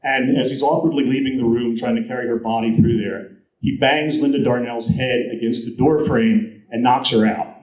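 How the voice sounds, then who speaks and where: A man's voice: medium pitch, steady tone, moderate pace, a little mellow, roomy sound, poor audio. A man speaking to an audience, telling film history anecdotes and acting out the quoted voices as he goes. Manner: storytelling, acts out quoted voices.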